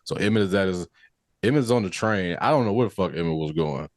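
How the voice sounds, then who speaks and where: A low-voiced man co-hosting a casual review podcast. He is laid-back, swears, and acts out the scenes he retells. His voice sounds dry and close to the mic. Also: lively intonation, fast talker, darkish tone, dry recording. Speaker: podcast co-host.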